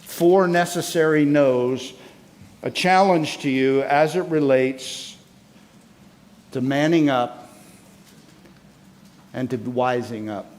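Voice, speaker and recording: A man's voice: mid-range voice, takes it slowly, long pauses, darkish tone. A man preaching at a men's conference, making emphatic numbered points and reading scripture aloud. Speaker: conference speaker. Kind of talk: sermon. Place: church sanctuary. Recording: long hall reverb.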